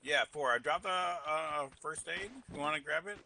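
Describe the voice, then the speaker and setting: Chill gamer guy, bright kinda high voice, swears a lot, faint game noise. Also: normal speed, vocal fry. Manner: laid-back, swearing, shrugs off bad luck. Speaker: teammate in a game stream. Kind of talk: casual gaming chat.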